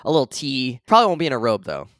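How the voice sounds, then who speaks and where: A man's voice: mid-range voice, rapid-fire, no echo, studio quality. A man in his thirties co-hosting a podcast, chatting casually and laughing often. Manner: laughs often, relaxed rambling. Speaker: podcast co-host. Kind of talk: casual chat.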